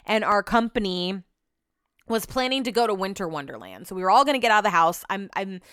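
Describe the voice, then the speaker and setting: A woman's voice: mid-range voice, expressive, brisk, a bit bright, clean tone, no room sound, clean studio sound. A young adult woman hosting a podcast, telling rambling everyday stories in a casual, chatty way with lots of fillers. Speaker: podcast host. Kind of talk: casual chat.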